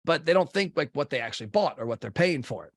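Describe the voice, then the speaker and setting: A man's voice: on the high side, animated, quick pace, no room sound, studio quality. A middle-aged man from Kentucky, a marketing company head, talking bluntly and intensely as a podcast guest and swearing casually. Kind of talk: blunt conversational interview.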